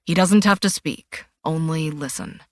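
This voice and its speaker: A woman voicing a steady male detective who asks measured questions in a lowered, firm voice. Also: no room sound, clean studio sound. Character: steady male detective, polite then sharp.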